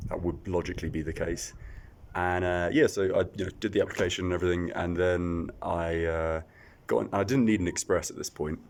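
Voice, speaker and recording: This travel vlogger is a man chatting casually to camera from an echoey outdoor site, full of fillers and self-deprecating asides. His voice sits low and sounds gravelly, with a little hiss or hum.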